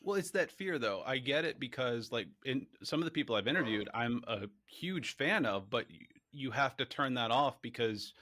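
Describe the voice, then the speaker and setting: A man being interviewed about his documentary, telling animated stories and acting out what people said. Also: mid-range voice, normal speed, few pauses, a little hiss or hum. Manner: animated, excitable storyteller acting out quotes. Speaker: documentary filmmaker guest. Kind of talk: casual interview storytelling.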